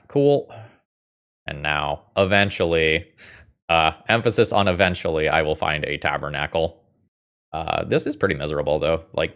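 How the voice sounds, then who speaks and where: Deep-voiced guy narrating his card game, dry jokes, swears when stuff goes wrong. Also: fairly bright tone, smooth. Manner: wry, thinks aloud, swears when frustrated. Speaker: gaming video host. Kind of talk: casual gameplay commentary.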